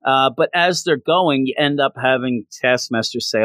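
Chatty, excited male comic recapper. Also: mid-range voice, moderate pace, no room sound. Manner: excited, chatty, acts out lines. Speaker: comic book reviewer. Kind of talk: casual recap.

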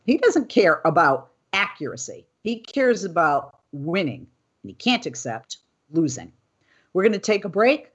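A woman hosting a news commentary show, reading political quotes and then riffing on them in an animated, indignant way. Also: on the low side, measured pace, breathy edge, dull audio. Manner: animated, indignant, talking off script. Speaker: host.

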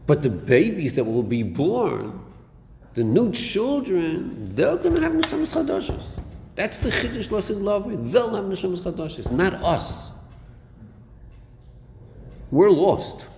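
A very animated man with a high-sitting, creaky, darkish voice speaks at a moderate pace. As a Torah teacher giving a classroom lecture on a Chassidic text, he asks rhetorical questions and slips Hebrew terms into his English. The echoey hall recording has faint noise.

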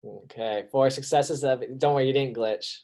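A man's voice: mid-range voice, normal speed, dark tone. Laid-back man narrating as game master.

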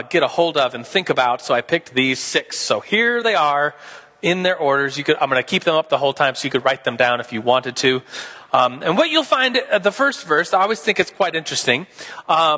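A man's voice: on the high side, bright, forceful tone, in a large hall. A man teaching a Sunday school class in a casual, playful way, acting out both sides of a debate.

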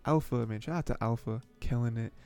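A man chatting casually through an anime recap, his voice gravelly with a warm, mellow tone. He rambles, chuckles often and leans on fillers, with faint music underneath. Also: mid-range voice, brisk. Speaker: anime podcast host. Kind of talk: casual episode recap and commentary.

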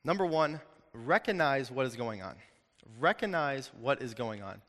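Young guy preaching, bright forceful voice, chatty and lively, long hall echo. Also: medium pitch, moderate pace. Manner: animated, conversational, jokes with the audience. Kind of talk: sermon. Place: hall with an audience.

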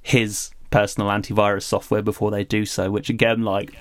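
A man's voice: on the low side, little pitch movement, a little fast. A man, co-hosting a podcast, talking thoughtfully and animatedly with some laughter. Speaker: podcast co-host. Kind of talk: casual podcast review chat.

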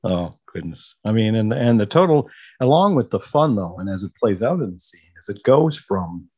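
Man with a very low voice, podcast co-host, casual and gushing. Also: sing-song, moderate pace, dark tone, slightly rough, lo-fi sound. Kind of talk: casual chat.

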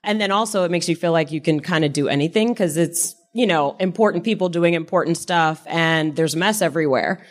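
Low-voiced woman chatting, laughs easily. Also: a little fast, hardly any pauses. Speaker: podcast co-host. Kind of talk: casual conversation.

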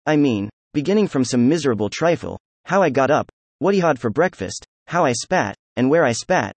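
A man's voice: mid-range voice, big pitch swings, fairly quick, dry recording. A man reading an effusive, defiant young nobleman. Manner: effusive, emphatic, laughing. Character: excitable proud young nobleman under questioning.

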